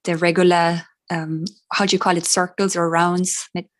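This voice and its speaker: A woman interviewing a guest, asking questions slowly while searching for words. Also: on the low side, little pitch movement. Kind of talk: casual interview.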